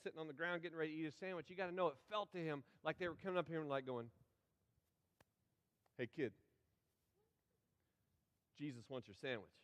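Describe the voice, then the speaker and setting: A man preaching to his congregation, retelling a story in a folksy, playful way and acting out the characters. His voice sits a little high. It carries a long reverb from the church sanctuary. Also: steady tone, racing, hardly any pauses, a bit bright, smooth. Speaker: pastor. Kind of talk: sermon.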